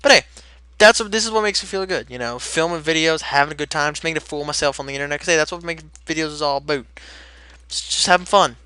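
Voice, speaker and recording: A man's voice: on the high side, fast talker, bright, forceful tone, clear, resonant tone, no room sound. A young man, rambling energetically as he chats through a gameplay commentary. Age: late teens. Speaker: Let's Play host.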